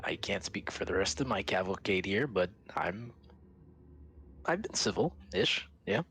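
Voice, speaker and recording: A man's voice: deep voice, animated, unhurried, fairly bright tone, slight background noise, poor audio. A man playing in a tabletop game, talking in a rambling, jokey way. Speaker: player. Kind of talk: casual tabletop play.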